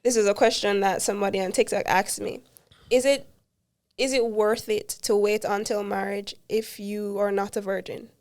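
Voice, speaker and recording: A woman co-hosts a relaxed podcast and interviews her guests. She probes with pointed follow-up questions. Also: mid-range voice, normal speed. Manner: probing, asks pointed questions. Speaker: podcast co-host. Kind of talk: casual chat, interviewing.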